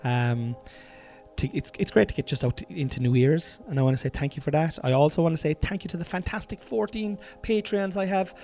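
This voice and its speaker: A man's voice: a little high, a little fast, mellow, faint music behind. An Irish man hosting a podcast in a room at home. He talks in a rambling, casual comedic monologue, swears freely and calls his listeners lads. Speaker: podcast host.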